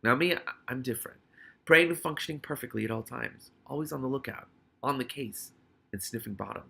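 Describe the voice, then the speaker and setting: A man's voice: mid-range voice, fairly quick, vocal fry, pushed and bright, husky, heavily acted. A man voicing a cynical, self-serving tomcat with a dry, wry manner, in an audiobook reading. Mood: sardonic.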